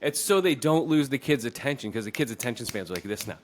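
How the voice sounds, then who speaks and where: A man's voice: mid-range voice, expressive, fast talker, slight background noise. A man talking casually as a podcast guest, laid-back, now and then mocking other people's voices. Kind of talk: casual chat.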